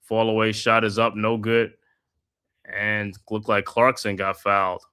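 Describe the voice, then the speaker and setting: A man hosting a live watch-party stream, calling the game play by play in a steady flow with casual slang asides. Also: lowish voice, a little slow, clear, resonant tone. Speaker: host.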